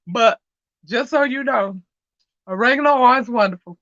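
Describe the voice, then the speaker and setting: A chatty woman hosts a casual livestream and tells stories with plenty of laughter. Her voice is bright and forward. The sound is dry and a little dull. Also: fairly high pitch, normal speed, pauses often, no echo. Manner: chatty storyteller who laughs often. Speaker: livestream host.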